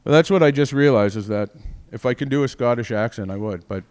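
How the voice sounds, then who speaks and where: Smooth-voiced rambling comic man. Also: medium pitch, fast, darkish tone. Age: 40s. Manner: rambling, profane, self-mocking. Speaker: stand-up comedian. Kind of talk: stand-up comedy set.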